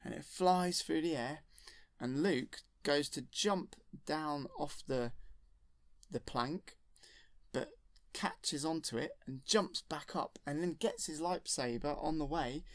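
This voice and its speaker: A man's voice: a little high, slow, no echo, clean studio sound. Rambling man retelling a film. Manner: rambling, self-correcting. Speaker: storyteller. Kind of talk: casual film retelling from memory.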